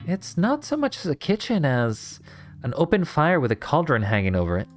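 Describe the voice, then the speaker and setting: A man's voice: on the high side, wildly swooping pitch, moderate pace, pitched above the performer's own voice. A man reading the lines of a cheerful young woman who runs a potion shop, in an earnest, friendly way. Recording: faint guitar music behind.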